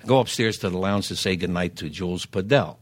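An older man, a singer guest telling lively anecdotes in casual chat, stammering on restarts and acting out other people's lines. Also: deep voice, fast. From Philadelphia. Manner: animated anecdotes, acts out quoted voices, stammers restarts.

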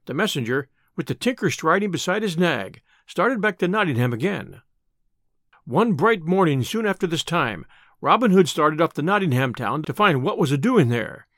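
A man reading an old adventure tale aloud in an expressive, measured narration. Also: on the high side, dry recording, studio quality. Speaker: storyteller. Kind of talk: scripted storybook narration.

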